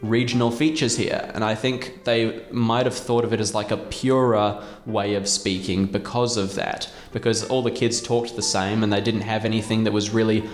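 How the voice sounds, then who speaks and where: A man's voice: on the low side, flat delivery, moderate pace, few pauses, faint music behind. An Australian man explaining ideas in a casual, nerdy conversation, with lots of fillers and restarts. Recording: roomy echo.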